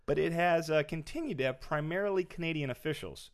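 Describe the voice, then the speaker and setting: A man's voice: fairly high pitch, quick pace. A man hosting a comedy sports podcast, reading a scripted mock news story in a dry newsreader tone. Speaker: podcast host.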